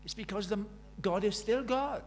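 A man's voice: high voice, moderate pace, slight background noise. A man preaching a sermon, emphatic and storytelling, firing rhetorical questions at the congregation.

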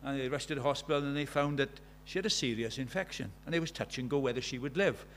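A man's voice: mid-range voice, fast, a bit bright, a little hiss or hum. A man preaching a sermon in an earnest way, telling stories and asking his listeners many questions.

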